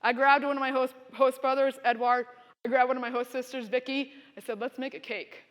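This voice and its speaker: A woman giving a keynote speech, telling a story in an animated, dramatic way. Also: high voice, fairly quick. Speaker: keynote speaker. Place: conference hall. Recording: reverberant hall.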